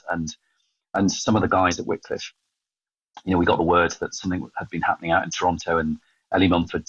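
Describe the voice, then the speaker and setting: English man, 50s, guest storyteller. Very low husky voice, rapid delivery, dry close sound. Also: no room sound. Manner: animated storyteller, quick and self-mocking. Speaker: podcast guest, evangelist. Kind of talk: storytelling in a casual interview. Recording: dull, slightly lo-fi sound.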